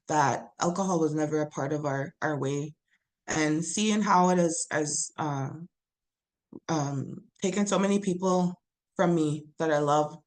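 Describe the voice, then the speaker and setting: A woman, a college student, giving an earnest, halting personal testimony over a video call. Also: fairly low pitch. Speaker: college student sharing her story.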